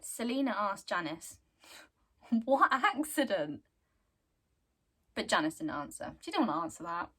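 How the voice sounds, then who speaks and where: A woman's voice: medium pitch, very animated, brisk, a bit bright, slightly rough. A young woman casually retelling a book's story, chatty and giggly. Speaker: book reviewer.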